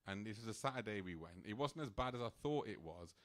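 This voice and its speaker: Talking fast in a lowish voice, a man recounts a personal story at a temple program. His delivery is animated and casual, full of "like" fillers and light laughs.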